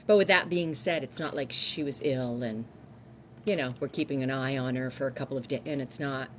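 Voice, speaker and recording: A woman's voice: a bass voice, fairly quick, a little hiss or hum. A middle-aged woman chatting casually on a live stream from home, rambling and restarting her sentences.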